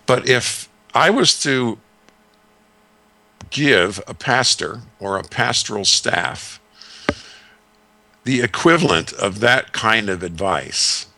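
A man in his sixties, a discipleship consultant, telling stories and giving advice in a measured, folksy way with many fillers. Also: on the low side, animated, sharp tone, no room sound. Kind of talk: radio talk segment.

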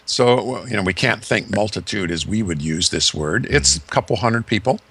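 A male preacher tells a story from the pulpit with vivid, dramatic emphasis, leaning into key words. His voice sits low and gravelly yet comes across bright and forward. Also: expressive, moderate pace. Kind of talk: storytelling sermon.

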